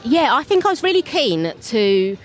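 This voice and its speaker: A woman's voice: fairly high pitch, very animated, normal speed, some chatter behind. A woman with a Cockney accent, tired straight off stage, chatting as an interview guest in a scattered way and laughing often. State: tired, fried after a show. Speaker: theatre performer and interview guest. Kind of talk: casual interview chat. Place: festival venue straight after a show.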